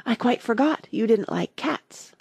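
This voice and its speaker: A woman's voice: on the high side, expressive, vocal fry, darkish tone, breathy edge, no echo, studio quality, pitched above the performer's own voice, exaggerated voice. A woman voicing a polite, curious young girl who talks eagerly and rambles. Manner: eager, rambling, quick to apologize.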